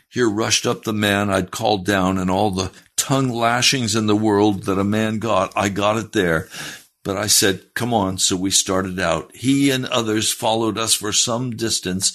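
A man's voice: fairly low pitch, a bit bright. A male preacher retelling a first-person story in his sermon, emphatic and challenging his listeners directly.

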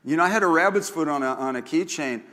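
A man's voice: a little high, animated, fast talker, a bit bright, in a large hall. An older man preaching a sermon as pastor, folksy and joking, often repeating himself. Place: church sanctuary.

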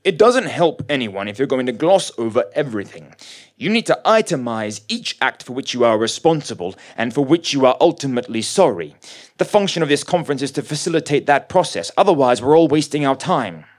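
A man's voice: medium pitch, animated, fairly quick, voice pushed up, close to an everyday voice. A man voicing an officious middle-aged male facilitator who speaks formally and firmly. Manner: formal, procedural, firm.

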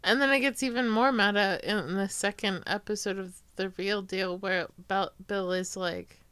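A woman's voice: mid-range voice, moderate pace, a bit bright, clean tone, dry recording. A woman co-hosting a podcast in casual chat, making dry, wry remarks. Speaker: podcast co-host.

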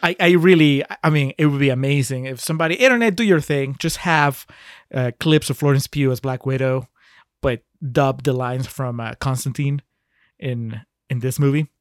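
A man's voice: mid-range voice, moderate pace, dry recording, clean studio sound. A man co-hosting a casual movie podcast, critical and chatty, often laughing as he talks. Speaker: podcast co-host.

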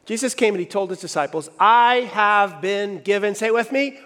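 A pastor preaching a lively sermon, acting out the voices he quotes. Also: high-pitched, normal speed. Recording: long hall reverb.

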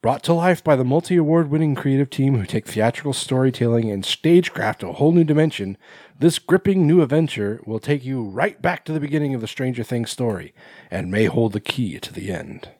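A man's voice: medium pitch, lively intonation, brisk, a little mellow, no room sound. A man co-hosting a podcast, reading a news item aloud and stumbling and laughing through it between profane jokes. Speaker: podcast co-host. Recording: dry close mic.

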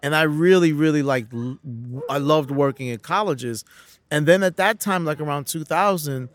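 A man's voice: a little high, normal speed, dry recording. A middle-aged man from New City, telling stories as a comedian guest in a casual interview, acting out quotes with frequent restarts. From New York City.

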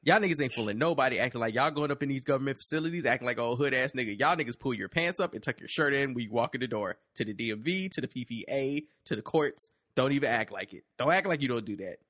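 A man's voice: mid-range voice, quick pace, few pauses, no echo, studio quality. A man co-hosting a podcast in casual comedic chat, riffing and laughing often. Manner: animated, laughs often, riffs on bits. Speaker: podcast co-host.

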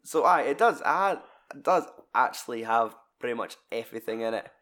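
A Scottish man in a relaxed film chat, swearing a lot and jumping into loud voices to act out scenes. His pitch sits in the middle range. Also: a little fast.

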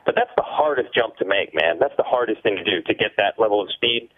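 A man co-hosting a casual sports chat, thinking his picks through out loud. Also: lowish voice, animated, fairly quick. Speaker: co-host. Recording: phone-like thin audio.

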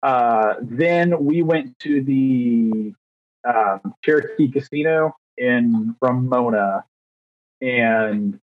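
Extremely slow and mid-range, a man of thirty co-hosts a podcast in casual chat. He tells meandering, self-mocking stories packed with fillers, and the podcast mic sounds dry and slightly dull.

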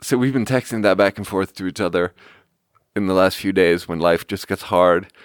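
Low-voiced rambling man podcasting. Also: dry recording, studio quality. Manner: rambling, self-deprecating, quick to laugh. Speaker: podcast host. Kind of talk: casual solo podcast monologue.

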